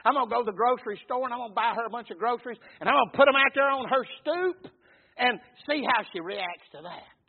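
A man voicing a mocking atheist neighbor in a sermon story, high and husky. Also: heavily acted. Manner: mocking, quick. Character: scoffing adult male atheist neighbor. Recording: tinny phone-like sound.

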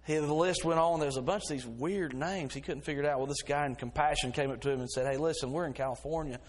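A middle-aged man delivers a sermon from the pulpit, his voice sitting a little high for a man. He tells homely stories in a relaxed, folksy way, then builds into fervent, insistent preaching. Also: fast talker. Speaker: pastor.

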